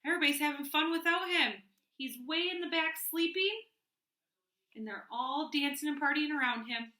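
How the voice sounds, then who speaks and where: A woman teacher reads a picture book aloud to young children from home, warm and encouraging. Her voice is high and bright and unhurried. The room gives a noticeable echo.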